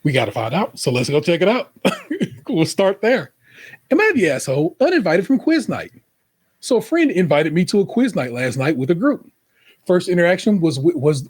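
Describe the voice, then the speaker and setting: A man's voice: on the high side, moderate pace, slightly rough. A man co-hosting a podcast in loose, profane casual chat, telling stories and putting on voices for quotes. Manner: loose, profane, animated storytelling with put-on quotes. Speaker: podcast co-host.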